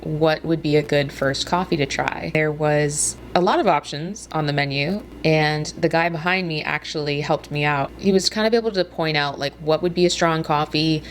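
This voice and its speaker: A woman's voice: low-pitched, normal speed, few pauses, slight background noise. A young woman, casually chatting through a travel vlog and gushing over food and sights. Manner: enthusiastic, gushing. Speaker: vlogger.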